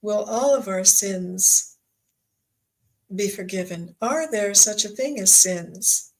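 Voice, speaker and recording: A woman hosting a live spiritual channelling stream, soft and emotional, asking her guides questions. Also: medium pitch, takes it slowly, rough recording. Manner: soft, emotional, openly still learning. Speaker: spiritual medium and stream host.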